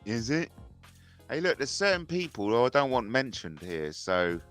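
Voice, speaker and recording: A man's voice: medium pitch, sing-song, normal speed, fairly bright tone, smooth, faint music behind. A man hosting a rambling livestream, mocking and swearing and repeating himself. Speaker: host. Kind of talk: rambling solo livestream rant.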